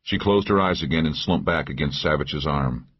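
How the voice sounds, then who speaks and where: Very deep husky male narrator. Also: moderate pace. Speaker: audiobook narrator. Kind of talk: first-person thriller narration. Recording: dull lo-fi audio.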